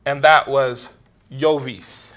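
A man's voice: medium pitch, steady tone, slow pace, a bit bright. A man giving a casual theology lecture, wandering into asides and often saying "you know".

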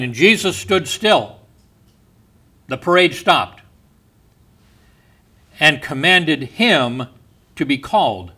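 Male pastor, sermon delivery, slightly high voice, unhurried, hushed on quotes. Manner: slow, deliberate delivery, dropping soft on quoted words. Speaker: preacher.

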